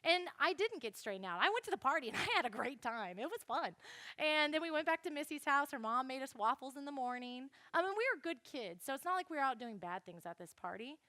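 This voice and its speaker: A young woman giving a chatty, animated Bible lesson to a youth group and speaking straight to the listeners. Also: high voice, fast, no echo. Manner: chatty, animated, addresses the audience directly.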